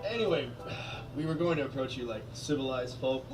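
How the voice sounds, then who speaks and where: A man's voice: medium pitch, fairly quick, over music, close to an everyday voice. An actor in a student film plays a smug, chatty young male vampire who talks in a wry, mock-civil way. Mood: dry. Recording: roomy, distant, noisy film audio.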